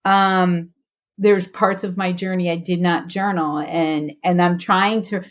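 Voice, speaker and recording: Slow-talking reflective woman guest. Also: on the low side, fairly even intonation. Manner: earnest, reflective, with restarts. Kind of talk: faith podcast conversation.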